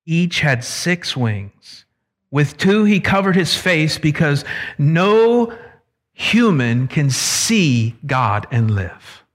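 A man preaching an expository sermon, swinging from loud emphasis to hushed low drops, with casual asides mixed into the teaching. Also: big pitch swings, drawn-out words. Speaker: pastor.

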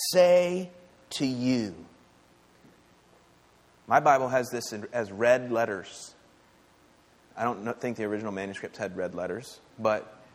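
A man's voice: medium pitch, big-room sound. A man preaching a sermon in a church, with a conversational, emphatic delivery and frequent rhetorical questions to the congregation. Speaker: pastor. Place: church sanctuary.

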